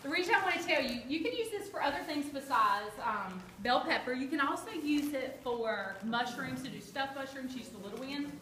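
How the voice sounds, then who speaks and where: A woman's voice: high-pitched, lively intonation, moderate pace, few pauses, bright, forceful tone. A woman giving a chatty, joking live cooking demonstration and quizzing her audience. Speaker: kitchen product demonstrator. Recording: echoey room with background noise.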